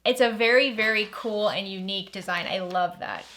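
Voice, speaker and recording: A woman's voice: medium pitch, moderate pace, a bit bright. A woman hosting a step-by-step sewing tutorial, upbeat and chatty as she walks through each stage and enthuses over the bag.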